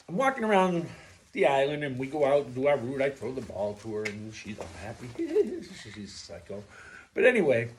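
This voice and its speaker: A man talking straight to his viewers in a rambling casual monologue, blunt and profane, who keeps drifting off topic. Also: mid-range voice. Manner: digressive and profane, loses his thread; blunt and animated. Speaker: vlogger.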